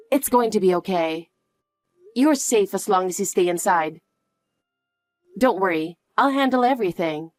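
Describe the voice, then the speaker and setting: A woman reading a story, speaking as a mother in a soft, soothing, reassuring way. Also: mid-range voice, lively intonation, normal speed, pauses often, no room sound, soft background music. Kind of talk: scripted story narration.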